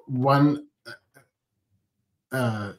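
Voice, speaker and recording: A man co-hosts a casual chat, reading viewer comments aloud and cracking jokes. He talks at an ordinary middle pitch, in an animated, easygoing way. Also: drawn-out words, poor audio.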